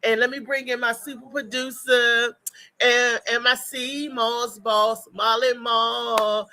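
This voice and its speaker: A woman's voice: a little high, level tone, takes it slowly, bright, forceful tone, low-quality recording. A woman hosting a morning talk show, chatting casually and bluntly with listeners. She repeats her points for emphasis and swears without holding back. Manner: emphatic and repetitive, talks straight to listeners.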